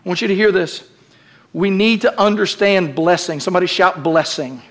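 Male pastor, sermon delivery, high bright voice, builds to shouted peaks, calls on the congregation. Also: steady tone, normal speed. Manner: preaching with rising, shouted climaxes and calls to the congregation. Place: church sanctuary.

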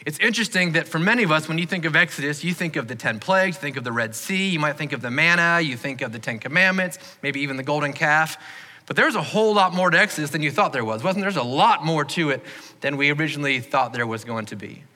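A man's voice: fairly high pitch, animated, fast, bright, forceful tone. A man preaching a sermon as pastor, conversational and encouraging, with small jokes to the congregation. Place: church sanctuary. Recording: long hall reverb.

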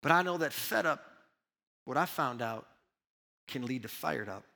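A man preaching a sermon as pastor, swinging between loud urgent preaching and hushed, intimate asides. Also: mid-range voice, lively intonation, normal speed, vocal fry, long reverb tail.

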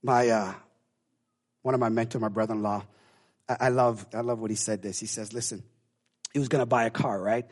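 A pastor preaching a sermon, emphatic and calling out to the congregation, swinging from hushed talk to shouting. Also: male voice, fairly low pitch, fairly even intonation, fairly quick, pauses often.

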